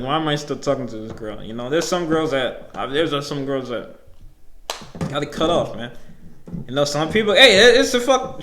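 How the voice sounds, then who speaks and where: A man's voice: medium pitch, a bit bright, reverberant, slight background noise. A nineteen-year-old man hosting a podcast solo, telling a story in loose, rambling, profane talk that often breaks into laughs. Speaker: podcast host.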